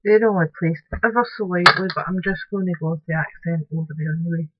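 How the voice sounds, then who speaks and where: A woman's voice: fairly low pitch, fast talker, very noisy. Chatty woman crafting, dull recording. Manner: chatty, mutters to her materials. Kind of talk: crafting tutorial narration.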